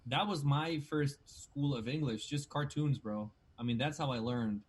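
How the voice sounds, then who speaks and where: A man with a Mexican Spanish accent talks in a loose, animated way, peppering his speech with casual slang. His voice sits at an ordinary pitch, and the delivery is relaxed podcast conversation rather than anything formal. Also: normal speed, breathy edge. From Tijuana, Mexico. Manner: animated, slangy, says dude and bro a lot. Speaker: guest, sports anchor. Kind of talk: casual chat.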